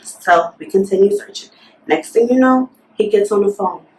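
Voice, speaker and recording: A woman's voice: medium pitch, moderate pace, darkish tone. Young woman vlogger, indignant storytime retelling, echoey room, mic a bit far off. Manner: fired-up, indignant, talks with lots of "like". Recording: roomy echo, mic at a distance.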